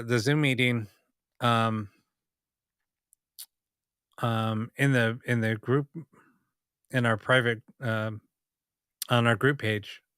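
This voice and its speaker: Male podcast host, bright and crisp, chatty storyteller who keeps restarting his sentences. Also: mid-range voice, no echo, clean studio sound. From United States (Los Angeles). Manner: rambling anecdotes with many fillers and restarts. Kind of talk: casual podcast chat.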